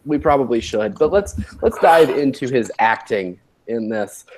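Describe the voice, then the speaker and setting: A man's voice: mid-range voice, animated, normal speed, darkish tone, slight background noise. A man hosting a casual podcast, leading the talk and passing it around. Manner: leads the talk, hands off to others. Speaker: podcast host. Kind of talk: casual chat.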